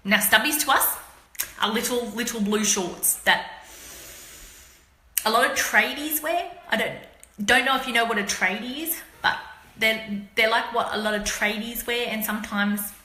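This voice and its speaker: Australian woman, middle-aged, chatty and laughing, bright voice, roomy echo. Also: fairly high pitch, normal speed, long pauses. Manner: chatty, laughing, explaining slang to viewers. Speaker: author hosting a live stream. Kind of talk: casual live-stream chat.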